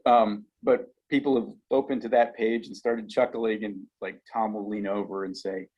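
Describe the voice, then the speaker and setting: Man, middle-aged, low husky voice, casual interview, rambling, many ums. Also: fairly even intonation, normal speed, lo-fi sound. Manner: rambling with many fillers and restarts. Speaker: cookbook author.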